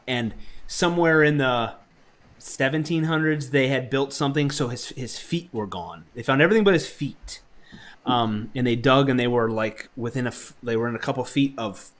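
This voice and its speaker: A man co-hosting a casual group podcast, rambling through history trivia with many fillers and restarts. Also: medium pitch. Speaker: podcast co-host.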